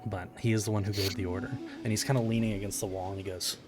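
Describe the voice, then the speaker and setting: A man narrating a tabletop game as game master, in measured, descriptive storytelling. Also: fairly low pitch, little pitch movement. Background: background music.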